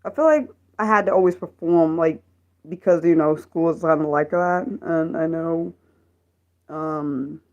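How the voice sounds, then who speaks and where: A young woman chatting casually on a live stream, rambling and halting with many restarts and ums. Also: sits low, a little mellow, muffled recording.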